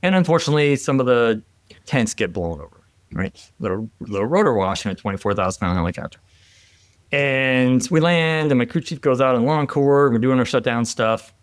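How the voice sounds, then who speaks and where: A middle-aged man, a former military helicopter pilot, telling a war story as a podcast guest in a casual, animated way, laughing and restarting often. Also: mid-range voice, fairly quick, clear, resonant tone, no room sound.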